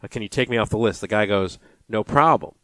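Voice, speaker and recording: A man's voice: on the low side, steady tone, rapid-fire, no echo. A man co-hosting a podcast, chatting casually and acting out phone calls as he tells a story. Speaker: podcast co-host. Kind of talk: casual chat.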